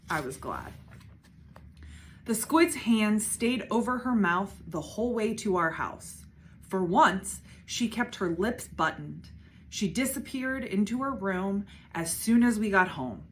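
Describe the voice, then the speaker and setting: A woman, a school principal, reading a children's book aloud with expressive narration. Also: medium pitch, measured pace, slight background noise. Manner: expressive, shifting voices for characters.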